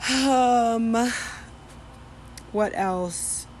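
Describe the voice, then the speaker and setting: A woman's voice: a little high, very slow, a little mellow, slight background noise. A young woman casually telling a story, rambling with many fillers and restarts. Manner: rambling, many fillers and restarts, mimics Spanish street calls. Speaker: vlogger recounting study abroad.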